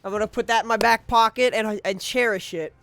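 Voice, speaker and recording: A man's voice: high voice, fairly even intonation, fairly quick, a bit bright, no room sound, soft background music. A man streaming a video game, chatting casually to his viewers in a rambling, profane way, often cutting himself off and chuckling.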